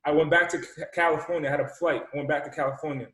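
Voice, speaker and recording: A man from Rhode Island, a podcast guest and motivational speaker, telling a personal story with high energy, repeating words and acting out dialogue. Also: fairly even intonation, very fast, fairly bright tone. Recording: roomy echo.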